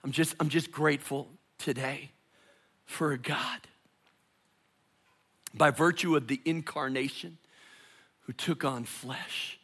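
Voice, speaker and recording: A man preaching a sermon as pastor, delivering it dramatically, dropping to hushed tones and rising to loud calls. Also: a little high, fairly even intonation, slow pace, pauses often, breathy edge.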